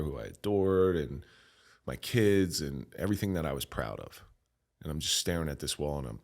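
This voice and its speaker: A middle-aged man telling his own story as a podcast guest, candid and emotional, stopping and restarting often and swearing bluntly. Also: extremely low pitch. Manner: halting, emotional, frequent restarts.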